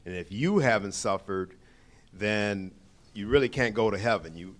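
Low-voiced halting man. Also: lively intonation. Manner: halting, many pauses and "uh"s. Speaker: group participant. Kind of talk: casual discussion.

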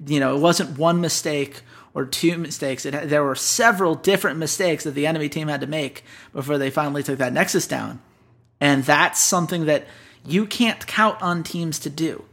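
A man co-hosting an esports analysis show, talking through a team's weaknesses in a brisk, emphatic way and putting questions to his co-host. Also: a little high, a bit bright. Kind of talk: casual analysis chat.

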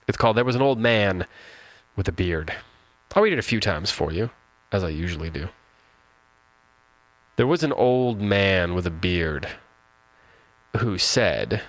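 A man's voice: deep voice, lively intonation, unhurried, pauses often, dry recording. A man hosting a poetry podcast, chatting casually and talking up a short poem with playful, mock-grand enthusiasm. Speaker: podcast host.

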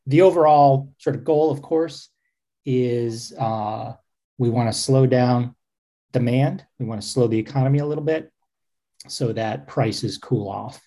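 Guy cohosting a podcast, warm dark tone, bit husky, breaks things down casually. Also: medium pitch, poor audio. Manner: explains plainly with asides, some restarts. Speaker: podcast co-host. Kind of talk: casual explanatory chat.

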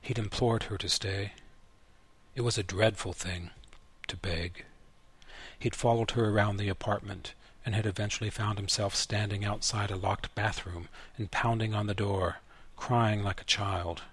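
A man narrating a literary short story in a measured, even way. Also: lowish voice, breathy edge. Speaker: story reader.

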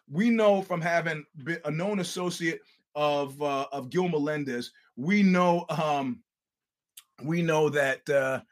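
A male podcast host who rambles through a casual monologue. His voice sits a little higher than most men's. He swears freely and slips into the voices of the people in his stories. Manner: animated, profane, acts out quoted people.

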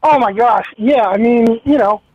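A man's voice: very high-pitched, normal speed. A hesitant male caller on a dull line. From Minneapolis area. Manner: casual, hesitant, filler-heavy. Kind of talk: phone-in conversation. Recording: dull phone line with faint hiss.

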